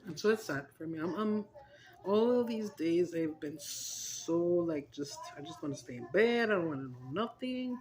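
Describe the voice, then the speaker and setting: A woman's voice: on the low side, lively intonation, moderate pace, darkish tone. A woman chatting casually to her viewers as a vlogger, laughing often and mixing in Spanish. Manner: giggly, breaks into laughter, mixes Spanish into English. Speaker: mukbang vlogger.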